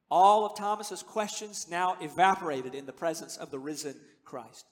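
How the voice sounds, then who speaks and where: High-voiced preacher in a reverberant hall. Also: male voice, moderate pace, hardly any pauses. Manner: earnest, conversational, rising to emphatic declarations. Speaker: pastor. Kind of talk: sermon. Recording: long reverb of a large hall.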